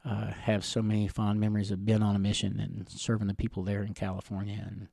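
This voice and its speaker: Soft-spoken middle-aged man telling stories. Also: fairly low pitch, monotone, a little fast, vocal fry, no room sound, clean studio sound. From Catawba Nation, Carolinas, USA. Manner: rambling, gentle storytelling with frequent chuckles and fillers. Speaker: interviewee. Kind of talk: personal storytelling in an interview.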